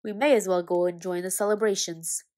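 A woman voicing an old male wizard who speaks calmly, with dry, measured humor. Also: fairly low pitch, natural voice. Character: old male wizard headmaster, calm and wry.

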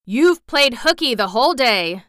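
A woman's voice: a little high, normal speed, background noise, voice pushed up, lightly acted. A woman doing an easygoing shaggy wanderer. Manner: reproachful, easygoing.

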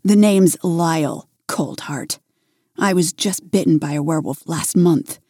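Woman doing a growling young werewolf guy, brash newcomer, low and dark. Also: a little slow, dry recording, studio quality. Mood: boastful.

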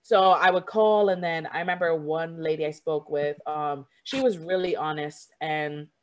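A young woman talks through a long personal story in a casual chat, with a slightly low voice. She rambles, leans on fillers like "like" and "um", and keeps acting out what other people said to her. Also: steady tone, normal speed. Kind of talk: casual conversation.

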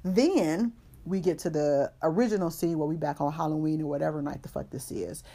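A woman with a fairly low voice recaps a story for a comedy podcast. She tells it in loose, profane slang with plenty of fillers and asides. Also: brisk, vocal fry, warm tone. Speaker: podcast host.

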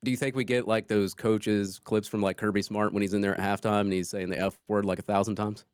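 Co-host from Georgia, slightly low voice, relaxed quips. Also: male voice, quick pace, clear, resonant tone, no room sound, clean studio sound. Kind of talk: casual sports talk.

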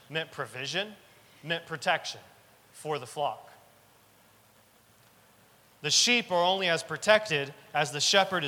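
A man's voice: fairly high pitch, sharp tone. A man preaching a sermon in earnest, repeating key lines for emphasis. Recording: long reverb of a large hall.

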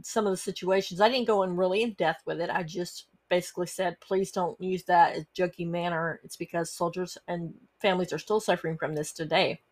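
A woman's voice: lowish voice, fairly even intonation, fairly quick, few pauses. A middle-aged woman, hosting a personal storytelling podcast and talking earnestly, with frequent fillers and restarts. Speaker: podcast host.

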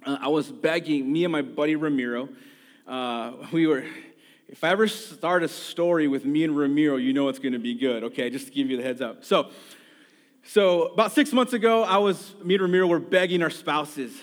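A man preaching a sermon, telling a funny personal story before turning earnest and quiet. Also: a little high, fairly quick. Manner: storytelling, animated and humorous, then earnest and quiet. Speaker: pastor. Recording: long hall reverb.

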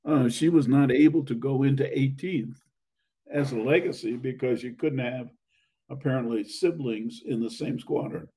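An older man reminiscing about his academy days, halting with many fillers and restarts, his voice going hoarse and his throat needing clearing. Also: medium pitch, dark tone, poor audio. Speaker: interviewee, academy alumnus. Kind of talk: reminiscing conversation.

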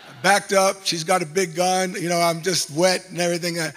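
A male pastor telling a funny personal story in a sermon, animated and self-mocking. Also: sits high, fairly quick, few pauses. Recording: long hall reverb.

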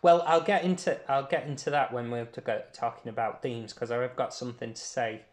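A man's voice: medium pitch, steady tone, brisk, roomy sound. A man co-hosting a podcast, chatting casually about a film, swearing and acting out lines. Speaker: podcast co-host.

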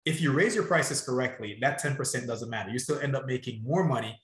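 A man's voice: medium pitch, brisk, a bit bright. Emphatic man coaching in a roomy space. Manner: emphatic, direct, pushes the listener. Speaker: salon business coach. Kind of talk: casual podcast chat.

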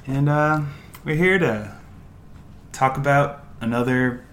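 A man's voice: medium pitch, slow, a little hiss or hum. A young American man co-hosting a podcast, chatting casually and rambling with lots of fillers and restarts. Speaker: podcast co-host. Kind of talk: casual chat.

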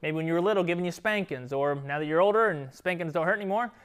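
A man's voice: on the high side, fast talker, a bit bright, clear, resonant tone. A man with young children, teaching an interactive Bible lesson to a youth group and often checking in with "right?" and "okay?". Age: adult with children.

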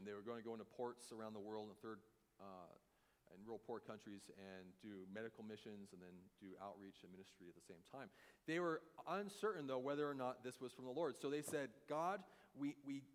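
A man preaching a sermon as a pastor, animated and acting out the voices of the people he quotes. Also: medium pitch. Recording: long hall reverb.

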